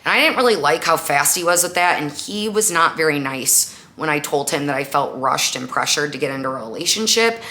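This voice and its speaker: A woman's voice: low-pitched, fairly quick, hardly any pauses. A young woman hosting a podcast, chatting casually through a personal story with lots of "like" and acted-out quotes. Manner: chatty, animated retelling with frequent "like" and acted-out quotes. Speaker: podcast host.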